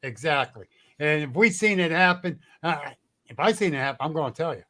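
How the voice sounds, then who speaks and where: This guest, a cryptid researcher, talks fast in a fairly high, pushed and bright voice with lively intonation. Blunt and salty, he swears a lot and laughs frequently as he shares stories in a casual chat.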